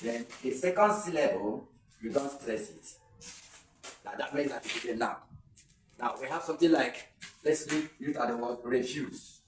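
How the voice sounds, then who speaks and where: A man's voice: medium pitch, moderate pace, distant mic, a little hiss or hum. A man teaching an exam-prep English lesson, saying words over with shifted stress and giving example sentences. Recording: echoey room, voice away from the mic.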